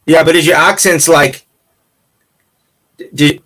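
A man's voice: a little high, fairly even intonation, measured pace, pushed and bright, poor audio. Playful, rambling male interviewer. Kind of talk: casual interview.

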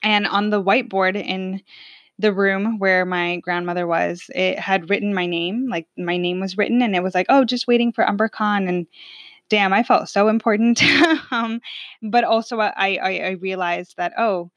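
Twenty-something woman rambling through a personal story, chatty, mid-pitched voice, dry mic. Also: fairly even intonation, normal speed, a bit bright, dry recording, muffled recording. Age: 20s. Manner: chatty, many fillers like "like" and "um". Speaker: podcast host telling a personal story.

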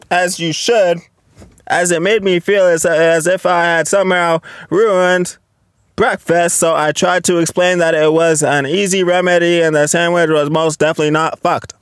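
A man's voice: high voice, steady tone, moderate pace, smooth, no room sound, studio quality. A young man in his twenties hosting a solo podcast, reading posts aloud and reacting bluntly with lots of profanity. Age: 20s. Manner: profane, blunt, reacts loudly to what he reads. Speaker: podcast host.

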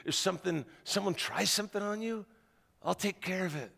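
Preacher putting on a big scary mobster-looking guy, quiet and clipped, gravelly, echoey hall. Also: high voice, brisk, noisy background. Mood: quiet, menacing. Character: hulking, intimidating tough-guy man, mobster-like, terse and quiet. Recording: reverberant large auditorium.

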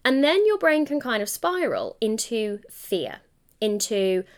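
A woman's voice: a little high, huge pitch swings, measured pace. Encouraging woman podcast host. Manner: chatty and encouraging, corrects herself mid-sentence. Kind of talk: solo coaching podcast monologue.

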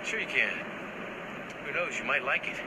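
A man's voice: medium pitch, animated, moderate pace, lightly acted. A man playing a laid-back surfer outlaw. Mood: amused. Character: carefree male surfer gang leader. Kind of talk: film dialogue. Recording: noisy film clip.

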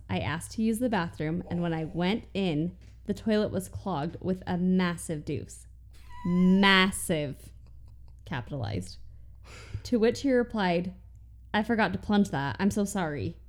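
A woman's voice: on the low side, expressive, moderate pace, dark tone. A woman co-hosting a casual podcast, reading a listener's story aloud and teasing her co-host.

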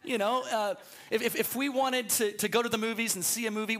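A man's voice: extremely high pitch, fairly even intonation, brisk, a bit bright. A man preaching a sermon as pastor in a church sanctuary, telling stories with stammering restarts.

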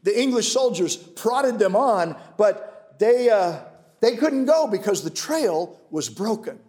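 A man delivers a sermon in a high, light voice. He preaches with emphatic declarations. Then he drops to a quiet, intimate storytelling tone. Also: sing-song, takes it slowly. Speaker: pastor.

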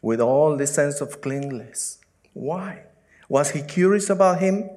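A man from Latin America with a Spanish accent, preaching a sermon and reading scripture aloud slowly, with frequent restarts and fillers. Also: fairly high pitch, animated, a little mellow. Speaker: pastor.

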